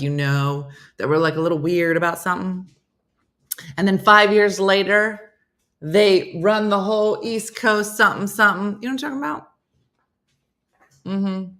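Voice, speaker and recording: Hosting a live morning show, a low-voiced woman comedian reads out viewer comments in casual chat. She's a chatty storyteller who voices the people she quotes with lots of life.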